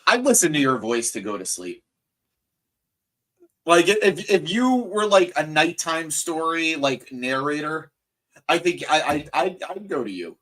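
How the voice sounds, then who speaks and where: A man co-hosting a casual wrestling podcast, laid-back and quick to laugh. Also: a little high, big pitch swings, bright, forceful tone. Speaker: podcast co-host.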